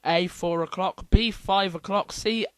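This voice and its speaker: A man's voice: sits high, fairly even intonation, unhurried, smooth, dry recording, rough recording. A man hosting a casual quiz, reading out multiple-choice options with playful asides. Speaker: quiz host.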